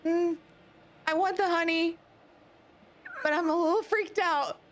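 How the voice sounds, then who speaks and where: A woman's voice: extremely high pitch, fairly even intonation, unhurried. A woman voicing a jittery young woman adventurer who carries a cleaver, in a tabletop role-play, talking nervously and hesitantly.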